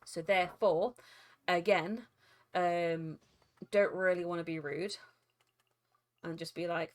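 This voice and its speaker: A woman's voice: fairly low pitch, fairly even intonation, slow pace, pauses often. A woman streaming live, chatting casually with viewers in a rambling, giggly way with frequent restarts.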